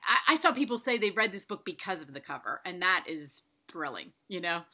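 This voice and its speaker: A woman hosting an interview with an author, talking in a gushing, excitable way with quick asides. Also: on the low side, a crowd in the background. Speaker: podcast host interviewing an author. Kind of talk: enthusiastic interview chat.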